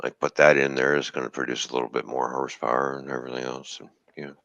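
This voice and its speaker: A man's voice: a bass voice, flat delivery, fast talker, gravelly, a bit bright, no echo, lo-fi sound. A man chatting casually on a live stream, joking and rambling through car engine details. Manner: rambling, jokey, explains car engine specs. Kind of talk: casual chat.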